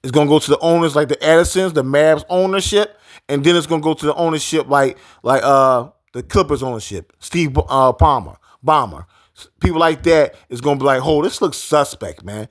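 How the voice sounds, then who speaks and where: Male sports commentator, fairly high voice, repetitive and emphatic rant, dry close sound. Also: a little fast, no room sound. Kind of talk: casual sports opinion rant.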